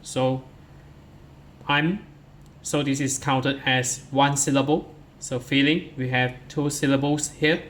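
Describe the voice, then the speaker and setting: A man's voice: medium pitch, little pitch movement, a little slow, slight background noise. A man teaching English to pupils, walking through workbook answers step by step and counting syllables aloud one at a time. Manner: addresses pupils directly, starts many lines with "so".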